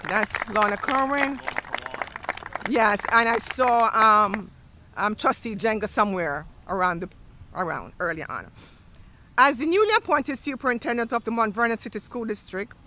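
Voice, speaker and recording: A woman superintendent speaks at an outdoor stadium ceremony, her voice bright and her pitch swinging widely. She rouses the crowd and leads them in cheers. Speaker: school superintendent. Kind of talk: ceremony speech.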